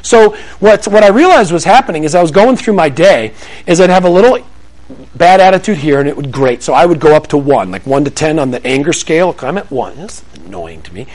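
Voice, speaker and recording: A middle-aged man delivers a Christian parenting talk to a room of listeners, his voice pitched high and swinging widely. He slips into acted family dialogue and self-deprecating jokes as he makes his points. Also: a little fast, rough recording. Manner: animated storytelling, acts out family dialogue; humorous, self-deprecating asides. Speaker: parenting speaker. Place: room with an audience.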